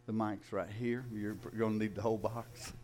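A man, a pastor making relaxed, folksy remarks during a church service. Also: on the low side, normal speed. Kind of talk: casual church announcements. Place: church sanctuary.

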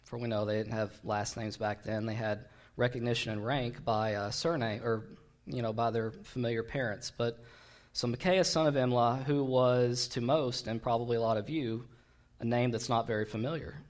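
A man's voice: medium pitch, steady tone, normal speed. Guy preaching, easygoing storytelling sermon, drifts off into wry little side comments. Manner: conversational, digressive, with wry asides. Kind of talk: sermon, retelling a Bible story.

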